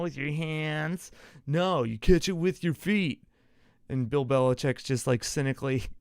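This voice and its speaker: A man with a gravelly yet smooth, resonant voice hosts a casual solo sports podcast. He rambles through a how-to explanation, gesturing and correcting himself mid-thought. The sound is dry and close, with no room echo. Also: mid-range voice. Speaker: podcast host.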